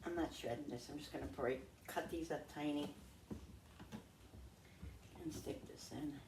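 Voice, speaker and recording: A woman's voice: low voice, a little slow. Chatty middle-aged woman in an echoey kitchen. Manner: chatty, thinks aloud, addresses viewers as guys. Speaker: home cooking vlogger. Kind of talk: casual chat while cooking. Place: home kitchen. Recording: echoey, distant, noisy kitchen.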